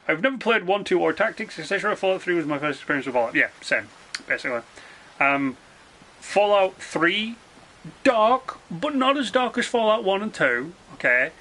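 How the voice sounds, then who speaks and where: Bright-voiced swearing game streamer man. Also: high voice, expressive. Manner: rambling, swears freely, quick asides. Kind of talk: casual live-stream chat.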